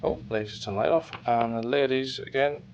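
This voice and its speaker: Tired gravelly man touring a cabin. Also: medium pitch, fairly even intonation, a little fast, highs cut off, heavy background noise. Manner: chatty, matter-of-fact reviewing. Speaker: vlogger touring a cruise cabin. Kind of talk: casual vlog commentary. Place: cruise ship cabin and balcony. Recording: background music mixed over the voice. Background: music.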